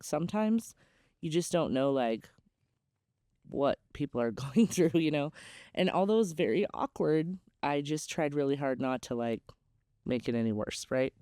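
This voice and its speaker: Young woman host, frank storyteller, smooth and clear, dry booth sound. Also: low voice, warm tone, no echo. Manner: candid and chatty, many "like"s. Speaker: podcast host. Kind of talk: casual storytelling.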